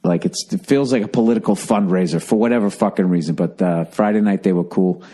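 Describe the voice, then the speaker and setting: A man in his forties hosts his podcast from home, keeping his voice down while he rambles. His tone is low and mellow, with profane, sardonic asides throughout. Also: fairly quick. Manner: profane, sardonic, talking quietly. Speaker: podcast host. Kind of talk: rambling casual monologue. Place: at home, indoors.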